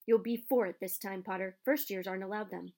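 A woman's voice: mid-range voice, steady tone, a little fast, darkish tone, natural voice. A spiteful, sneering schoolboy with a snappish tone, as a woman reader puts him on. A storybook bully full of scorn.

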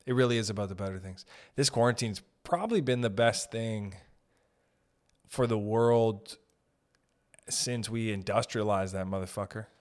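A young man hosting a podcast, rambling through a profane, animated comedic monologue. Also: lowish voice, moderate pace. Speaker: podcast host.

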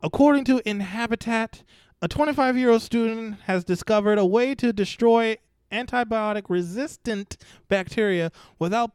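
A man with a fairly high, clean voice runs through news stories in a casual vlog style. He is blunt and profane and mocks the people he talks about. The sound is close and dry, with no room around it. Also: clean tone, no room sound. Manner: blunt, profane, mocking, animated. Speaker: news commentary host.

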